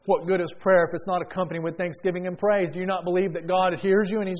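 A man preaching a sermon, telling a story quietly and then rising into loud, fervent praise. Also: high-pitched, little pitch movement, fast, few pauses.

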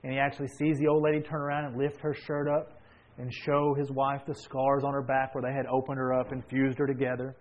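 A man preaching a sermon and retelling a story, swinging between hushed and emphatic delivery. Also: medium pitch, monotone, brisk, dull audio.

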